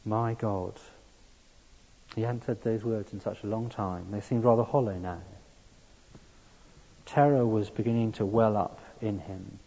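A man's voice: lowish voice, a little slow, gravelly, pauses often, warm tone, slightly rough. Male preacher, earnest sermon, emphatic swells, dull muffled sound, long hall reverb. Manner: earnest, building to emphatic peaks.

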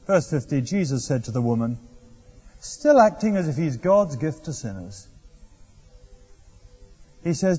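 A man's voice: a little high, sing-song, unhurried, long pauses, dark tone, breathy edge. A man preaching a sermon, telling the story in a wry, conversational way. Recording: dull lo-fi recording in echoey hall.

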